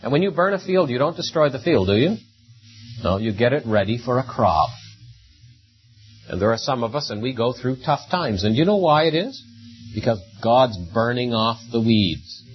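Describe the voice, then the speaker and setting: A man's voice: mid-range voice, lively intonation, normal speed, highs cut off, soft background music. A man preaching a sermon in a conversational way, often tagging rhetorical questions onto his points.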